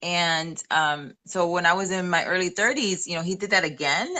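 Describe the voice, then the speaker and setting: A woman in her forties speaks in a lowish voice, co-hosting a live stream in an easy testimonial chat. She tells her story earnestly and drops in the odd Spanish phrase. Her pace and tone stay conversational throughout. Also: normal speed, hardly any pauses, bright, forceful tone. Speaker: co-host of a manifesting live stream.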